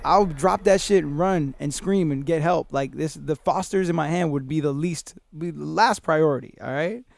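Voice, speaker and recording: A man hosting a podcast, telling a story in a rambling, profane, animated way and acting out what people said. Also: on the high side, normal speed, vocal fry, no room sound. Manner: profane, rambling, animated retelling with acted-out quotes. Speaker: podcast host. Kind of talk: casual storytelling.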